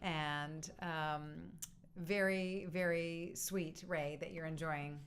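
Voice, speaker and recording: A woman's voice: sits low, fairly even intonation, takes it slowly, a little hiss or hum. A woman hosting an online music session, greeting viewers in a cheerful, chatty way and laughing often. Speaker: music teacher and session host. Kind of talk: casual online music lesson chat.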